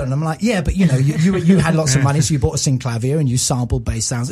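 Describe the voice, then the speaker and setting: A man chats enthusiastically as a podcast guest. His voice is husky, and he rambles from one story to the next, acting out the lines people said. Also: medium pitch, fast, hardly any pauses, warm tone. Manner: rambling, enthusiastic storyteller who acts out quotes. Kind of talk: casual chat.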